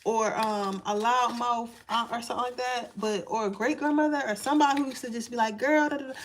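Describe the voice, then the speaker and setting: A chatty woman with a fairly high voice gives casual live-stream tarot readings. She talks in loose slang and laughs often as she goes. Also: fairly quick, a little hiss or hum. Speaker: tarot card reader.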